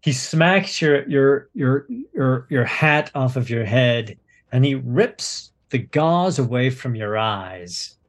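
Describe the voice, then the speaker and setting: A man narrating a tabletop game as game master, unhurried and descriptive. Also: medium pitch, expressive.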